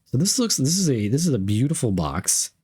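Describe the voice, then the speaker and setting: A man's voice: medium pitch, sing-song, fairly quick, darkish tone, husky. A young man streaming live, reading chat messages aloud and unboxing gifts, playful and repeating himself.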